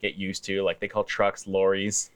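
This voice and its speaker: A man's voice: deep voice, monotone, moderate pace, fairly bright tone. A man chatting as a podcast guest, telling stories in an easygoing way with wry humor and plenty of fillers. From Canada. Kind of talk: casual podcast chat.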